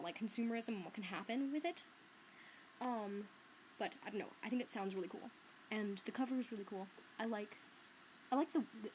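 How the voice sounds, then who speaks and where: A woman's voice: a little high, a little hiss or hum, poor audio. A teenage girl chatting in her bedroom about books, full of "like" and "um", recorded on a laptop webcam. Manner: chatty, filler-heavy, lots of "like" and "um". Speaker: book vlogger. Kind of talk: casual vlog chat. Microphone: laptop webcam mic.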